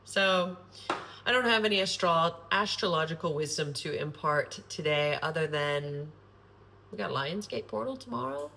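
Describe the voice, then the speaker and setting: A woman's voice: sits low, animated, moderate pace, pushed and bright, a little hiss or hum. A woman talking to camera in a loose, rambling monologue, earnest and sprinkled with swearing. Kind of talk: casual spontaneous monologue.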